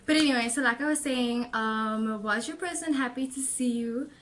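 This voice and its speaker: A woman's voice: fairly high pitch, moderate pace, a bit bright, slight background noise. Breathless, chatty young woman reading tarot. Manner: chatty, rambling, with many fillers and giggles. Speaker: tarot reader and vlogger.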